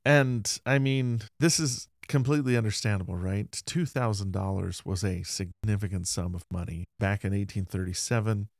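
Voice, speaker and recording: A man's voice: fairly low pitch, normal speed, few pauses, dry recording, studio quality. A man co-hosting a conversational podcast, earnestly retelling history and reading old quotes in his plain voice. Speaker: podcast co-host. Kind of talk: casual conversational history discussion.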